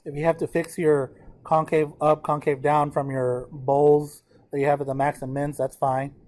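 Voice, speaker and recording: This man's voice sits slightly above the usual male range as he teaches math, stepping through a graph, counting aloud, and checking in with the class. There's little movement in his pitch, his speed is normal, and his tone is a little mellow.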